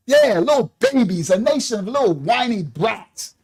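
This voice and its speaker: A man's voice: high-pitched, very animated, normal speed, hardly any pauses, husky, poor audio. An older man from Long Island, New York, giving a fiery, preachy, rambling monologue as host of a ministry channel. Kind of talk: ranting monologue.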